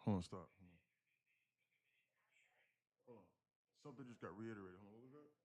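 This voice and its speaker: Speaking fairly quickly in a fairly low voice, a man runs a live day-trading stream, animated and casual, reading viewers' chat out loud and peppering his talk with slang and occasional profanity.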